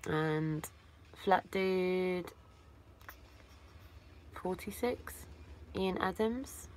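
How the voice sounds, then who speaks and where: Very slow and fairly low in pitch, this is an Englishwoman casually livestreaming from a phone set at a distance. She rambles affectionately, calls her viewers darling, and sounds tired from a long day of talking, with slight background noise present.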